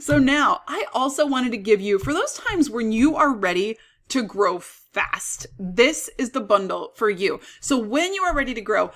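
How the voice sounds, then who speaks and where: A woman coach giving an upbeat, persuasive sales pitch for her online course. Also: big pitch swings, moderate pace, a bit bright. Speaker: business coach.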